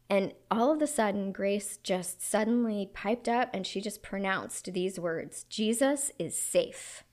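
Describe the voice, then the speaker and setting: A woman in her thirties preaching a sermon, telling a personal story in an earnest, reflective way. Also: mid-range voice.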